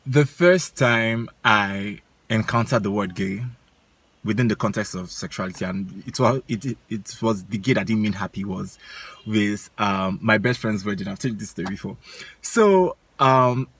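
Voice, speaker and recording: A young man tells stories with animation and frequent laughter. His voice is bright and forward, set on a dry, close sound with no room around it. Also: on the low side, normal speed, breathy edge, no echo. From Nigeria. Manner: animated storyteller, laughs often. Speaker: co-host. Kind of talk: casual chat.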